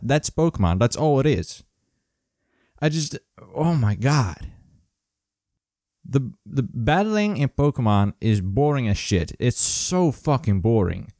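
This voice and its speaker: A man's voice: medium pitch, darkish tone, dry recording, clean studio sound. A man hosting a solo podcast, ranting sarcastically and profanely in a grumpy way. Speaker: podcast host.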